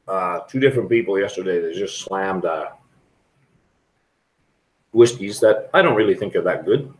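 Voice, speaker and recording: A man's voice: low-pitched, expressive, normal speed, pauses often, low-quality recording. A middle-aged man chatting frankly and rambling to viewers on a live stream from a restaurant. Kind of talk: casual live stream chat.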